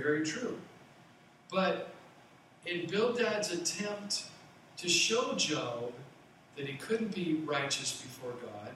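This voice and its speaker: A man's voice: fairly high pitch, a bit bright, a little hiss or hum. A man preaching a sermon as a pastor, conversational, with playful asides. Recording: roomy echo from far off.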